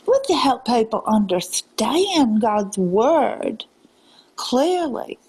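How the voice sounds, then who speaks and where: A woman in a put-on Southern drawl lecturing viewers on a live stream, scolding them and calling them ma'am and darling, often dropping into breathy half-whispers. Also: fairly high pitch, big pitch swings, takes it slowly, darkish tone, rough recording.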